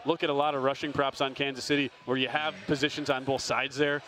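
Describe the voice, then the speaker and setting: A man hosting a sports betting show, giving casual analysis and rattling off stats and picks in quick lists. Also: mid-range voice, little pitch movement, bright, forceful tone.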